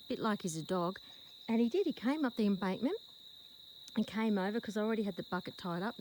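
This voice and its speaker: An Australian woman vlogging outdoors with a handheld phone camera, chatting rambly and calling her horse in a high sing-song voice. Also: a little mellow, slight background noise, rough recording. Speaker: horse owner filming her rescue horse. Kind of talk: casual vlog to camera. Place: outdoors in a paddock.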